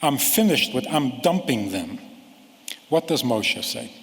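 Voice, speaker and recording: A man giving a rabbi's sermon-style lecture, slow and deliberate, with long pauses and sudden drops to a quiet voice. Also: medium pitch, expressive, gravelly, big-room sound. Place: large lecture hall.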